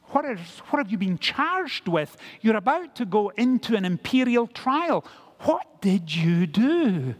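A man's voice: sits high, pitched above the performer's own voice, full character voice. A man voicing a curious male Roman prison guard who fires off blunt questions.

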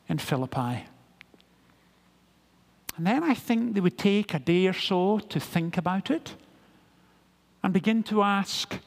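A man's voice: high-pitched, vocal fry. A male pastor preaching a sermon, full of rhetorical questions.

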